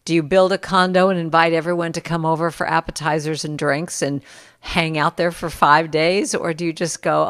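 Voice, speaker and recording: A middle-aged woman in a casual conversation, telling stories and acting out what people said in lively bursts. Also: low voice, moderate pace, smooth, in a large hall. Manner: animated storyteller, acts out quotes. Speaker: musician guest.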